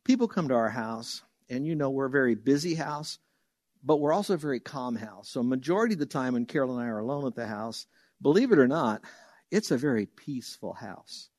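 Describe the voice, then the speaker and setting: A male pastor preaching a sermon in an animated way, acting out quoted voices and laughing now and then. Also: mid-range voice, a little fast, no echo, clean studio sound.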